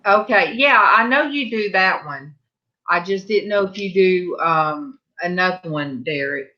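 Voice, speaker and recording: Female stream host, casual chat, unhurried and rambling, muffled low-fi sound. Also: animated, sharp tone. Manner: slow, chatty, rambling with restarts. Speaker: livestream host. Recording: muffled lo-fi audio.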